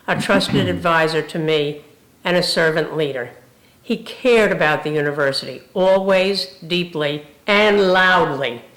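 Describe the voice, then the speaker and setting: An older woman, a retired university president, telling funny stories in a tribute speech. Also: on the low side. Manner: warm humorous storytelling. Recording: roomy echo.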